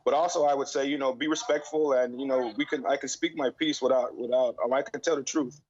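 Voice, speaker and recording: A man who preaches on the street recounts his story in a rapid, casual stream full of fillers. His voice sits at an ordinary pitch. It comes through a dull, muffled line. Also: steady tone, darkish tone. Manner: rapid, informal, many fillers. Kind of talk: casual interview chat.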